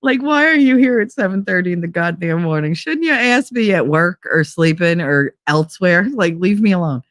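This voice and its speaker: A woman's voice: lowish voice, moderate pace, no room sound, clean studio sound. A middle-aged woman hosting a podcast, telling casual stories with lots of swearing and laughter. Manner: profane, animated, laughs through stories. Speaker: podcast host. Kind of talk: casual storytelling monologue.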